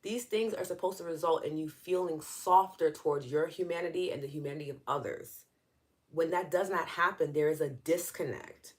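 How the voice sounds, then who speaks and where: Woman, New York accent, deep low voice, earnest conversational teacher, hosting a live session. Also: normal speed. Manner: earnest, conversational explaining, responds to viewer comments. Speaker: EFT session host.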